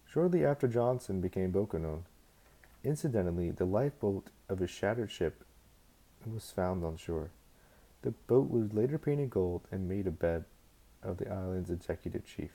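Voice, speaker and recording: A man's voice: low voice, lively intonation, normal speed, dark tone, rough recording. A man reading a novel aloud as a fan, unpolished, stumbling over words and restarting lines. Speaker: amateur audiobook reader.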